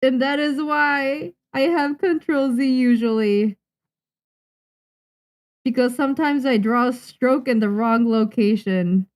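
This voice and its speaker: Young Japanese woman, manga artist on a drawing stream; slightly high voice, unhurried, chatty, talks herself through it. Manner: chatty and self-soothing, muttering to herself. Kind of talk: casual livestream chat while drawing.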